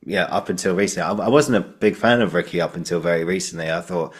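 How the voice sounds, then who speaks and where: A man's voice: deep voice, fast talker. A man hosting a casual podcast conversation, rambling and padding his thoughts with fillers, laughing as he retells jokes. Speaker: podcast host.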